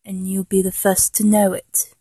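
A woman's voice: mid-range voice, monotone, normal speed, mellow, breathy edge, no room sound, lightly acted, rough recording. A woman with an English accent voicing an obsessive, vengeful young woman fan in a whispered role-play, swinging between menacing whispers and manic laughter. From England.

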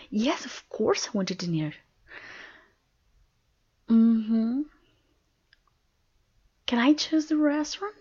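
A woman with a non-native English accent speaking in a whispered role-play, breathy and submissive, with soft laughs. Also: a little high, animated, takes it slowly, long pauses, lo-fi sound. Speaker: audio role-play performer.

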